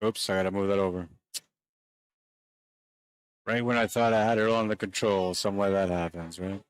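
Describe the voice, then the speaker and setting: A Canadian man calling a pool tournament live on his stream, his voice sitting a little low. He keeps the talk loose and chatty and sounds plainly enthusiastic about the game. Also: steady tone, fairly quick, clear, resonant tone, no echo, rough recording. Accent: Canadian English.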